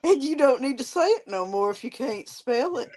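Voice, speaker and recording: Woman with a slightly high voice recalling school. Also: animated, moderate pace, darkish tone, poor audio. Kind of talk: casual panel chat.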